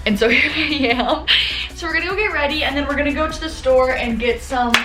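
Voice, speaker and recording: A woman's voice: high voice, a little fast, a bit bright, soft background music. A woman in her twenties vlogging casually, bubbly and chatty, filling her talk with "like". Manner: bubbly, chatty, says "like" often. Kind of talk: casual vlog chat. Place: grocery store.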